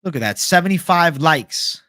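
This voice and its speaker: Young guy doing mma picks on a stream, kinda high voice, dry close sound, swears a lot. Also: animated, normal speed, sharp tone, no room sound. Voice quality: casual, profane, reads chat aloud. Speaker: MMA livestream host. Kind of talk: casual livestream fight picks chat.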